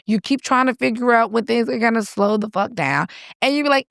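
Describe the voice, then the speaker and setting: A woman in her thirties co-hosting a casual chat, telling a lively story and acting out the voices. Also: on the high side, fairly quick, gravelly, dry recording, clean studio sound. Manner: animated storyteller, acts out voices and cries. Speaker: podcast co-host.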